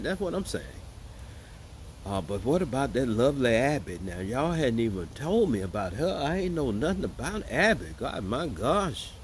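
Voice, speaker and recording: There's a little hiss or hum under this man's fairly high-pitched voice. As host of casual political commentary, he addresses his viewers as y'all, joking and sarcastic in a chatty way.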